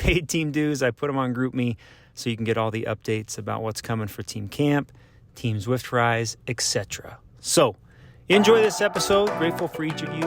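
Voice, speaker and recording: Upbeat rambling male podcast host. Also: mid-range voice. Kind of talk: casual podcast chat.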